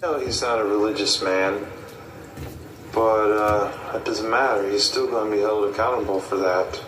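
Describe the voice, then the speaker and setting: A man's voice: lowish voice, steady tone, normal speed, a bit bright. A man in a played video, talking in a lecturing, disapproving way. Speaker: video creator being reacted to. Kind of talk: casual commentary. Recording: echoey distant room with faint noise.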